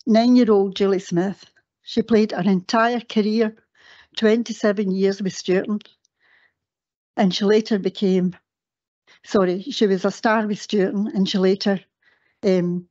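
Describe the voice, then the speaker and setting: An older woman with a Scottish accent tells her story in a mellow, warm voice, chatty and quick to laugh at herself. She often stops to correct her own words. The sound is a dull, lo-fi recording of a council meeting. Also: mid-range voice. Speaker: guest speaker at a council meeting. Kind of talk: personal reminiscence speech. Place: council chamber.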